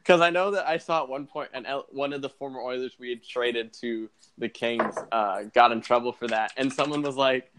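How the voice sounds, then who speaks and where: A man's voice: mid-range voice, moderate pace, few pauses, a bit bright, a little hiss or hum. A young man hosting a casual hockey podcast, rambling and chatty, with lots of fillers and restarts. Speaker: podcast host.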